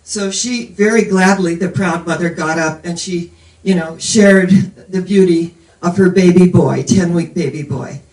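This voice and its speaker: A woman's voice: fairly low pitch, a little slow, a little mellow. Woman in her 70s preaching, rambly storyteller, sounds far off in an echoey room. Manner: meandering storytelling. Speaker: minister. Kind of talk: sermon.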